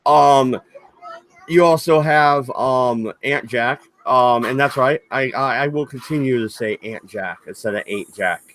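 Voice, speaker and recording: Slow, hesitant man reading chat. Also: mid-range voice, fairly bright tone. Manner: slow, hesitant, many ums. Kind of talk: casual livestream chat.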